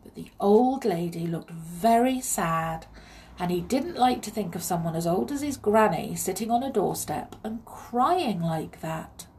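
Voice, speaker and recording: A woman reading a children's story aloud in an expressive, measured way. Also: medium pitch, a little hiss or hum.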